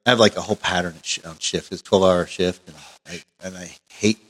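A man's voice: low voice, fairly even intonation, quick pace. A man co-hosting a casual podcast, telling long, rambling, profane stories. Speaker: podcast co-host. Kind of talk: casual chat. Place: Oregon. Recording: long reverb.

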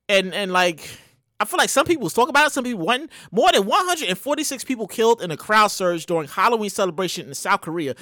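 A man giving casual news commentary in an animated way, swearing, stammering and restarting, with sudden loud mock exclamations. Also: sits high, no echo, studio quality.

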